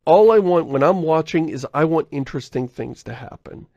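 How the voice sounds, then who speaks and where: A podcast host chatting casually in a rambling, self-interrupting way, often laughing and reading listener mail. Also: male voice, on the high side, normal speed, few pauses, a little mellow, no echo, muffled recording. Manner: reads listener mail aloud.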